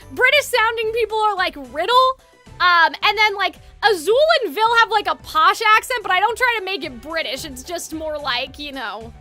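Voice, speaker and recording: A woman streamer chatting loosely about the game she plays, filling her talk with "like" and "you know". Her voice is very high and bright. Faint game music plays in the background. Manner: chatty, giggly, lots of "like". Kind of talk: casual gaming commentary.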